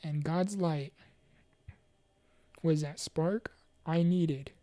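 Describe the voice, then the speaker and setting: A woman with a low, mellow voice speaks earnestly about her own mental health struggles as a motivational speaker, pausing and restarting often. Her heartfelt, encouraging testimony turns preachy as she urges faith, and there's no room sound.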